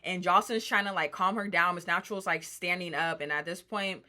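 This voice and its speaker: Woman vlogger, casual recapper, lowish bright voice, chatty slang. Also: steady tone, a little fast. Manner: chatty, slangy, many "like" fillers.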